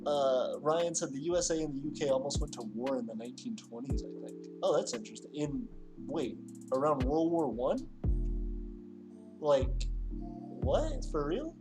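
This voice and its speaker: A man's voice: on the high side, very animated, normal speed, music in the background. Rambling man reading a livestream chat. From Louisiana. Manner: rambling, filler-heavy, reads chat aloud. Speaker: livestream host. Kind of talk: casual chat reading comments.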